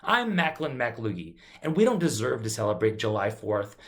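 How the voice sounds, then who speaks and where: A man's voice: medium pitch, very animated, normal speed. A man hosting a comedic talk show, teasing his guest in a dry, sarcastic manner. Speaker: host.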